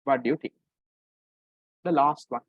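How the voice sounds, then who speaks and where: A man's voice: medium pitch, measured pace, a bit bright, no echo. A man teaching economics in an online exam-paper class. He explains step by step and keeps checking in with "right?". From Sri Lanka. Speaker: economics tutor. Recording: dull lo-fi recording.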